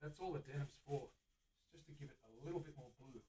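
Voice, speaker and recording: A man's voice: a little high, quick pace, dark tone, recorded from a distance. Australian man demonstrating in a workshop. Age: middle-aged. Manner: enthusiastic, chatting to live viewers while working. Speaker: luthier host. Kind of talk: live-streamed workshop demonstration. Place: guitar workshop. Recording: voice from away from the mic.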